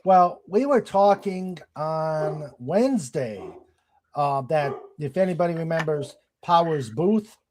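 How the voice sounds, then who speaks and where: Man with a high voice, noisy background. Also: lively intonation, takes it slowly, darkish tone. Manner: reads out comments, short agreeing interjections. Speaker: show host reading chat comments. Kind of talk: casual chat.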